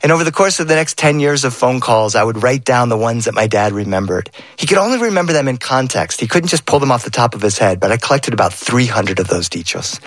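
A middle-aged man telling a family story as a storyteller, lively and playful. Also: medium pitch, quick pace, hardly any pauses, dry recording. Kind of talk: oral storytelling performance.

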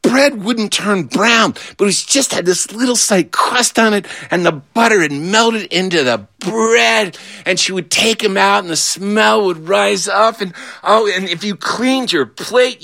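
A man spinning a comic childhood tale with an animated, playful delivery. His voice is bright and sits a little high. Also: creaky. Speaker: storyteller. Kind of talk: humorous storytelling.

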